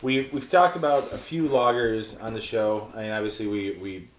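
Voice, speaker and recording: A man's voice: on the low side, steady tone, normal speed. A man co-hosting a casual podcast chat, rambling and laughing at himself. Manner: rambling, laughing, self-mocking. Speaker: podcast co-host. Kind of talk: casual chat over beers. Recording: echoey room with faint noise.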